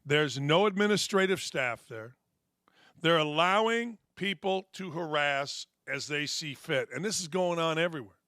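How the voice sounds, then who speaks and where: A man's voice: fairly high pitch, animated, moderate pace, bright, forceful tone, no echo, clean studio sound. A middle-aged man hosting a sports talk show, delivering a blunt, sarcastic, fired-up opinion monologue.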